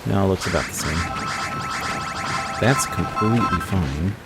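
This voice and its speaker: A tired American man giving relaxed, rambling commentary over his gameplay as the host of a gaming channel. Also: low voice, measured pace, loud music behind the voice. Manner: relaxed, rambling, self-correcting. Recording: loud game sound effects behind voice.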